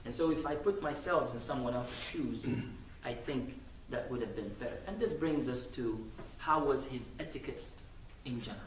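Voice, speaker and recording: Animated preacher in an echoey hall. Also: male voice, medium pitch, normal speed, a little hiss or hum. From United States. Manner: animated, acts out little scenes, laughs often. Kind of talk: Friday sermon. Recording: echoey room from far off.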